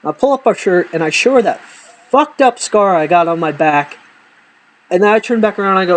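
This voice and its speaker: A man casually telling profane, animated stories from his life to camera, acting out the people in them. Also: high-pitched, a little fast, low-quality recording.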